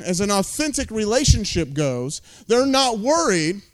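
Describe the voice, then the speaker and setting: A man's voice: high voice, sing-song, a little slow. An American man preaching a sermon as lead pastor, intense and emphatic, with casual asides.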